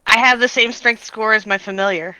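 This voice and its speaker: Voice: mid-range voice, fairly even intonation, a little fast, pushed and bright, smooth, rough recording. A tabletop game player joking about their weak character in a self-mocking way. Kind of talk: casual tabletop play.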